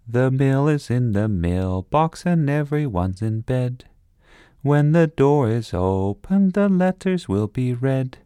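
A man's voice: medium pitch, darkish tone, no echo, studio quality, voice pushed up. A man voicing a bossy, cheerful little girl in a storybook reading, eager and scheming. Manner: eager, scheming, talks fast to persuade.

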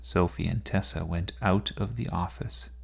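A man reading a children's story aloud in an unhurried, expressive way. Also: low voice, gravelly, slightly rough.

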